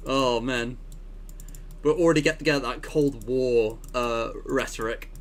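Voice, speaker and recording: A man's voice: mid-range voice, normal speed. A man hosting a game stream, chatting casually and amused, with frequent laughs and wry asides. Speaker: streamer and channel host.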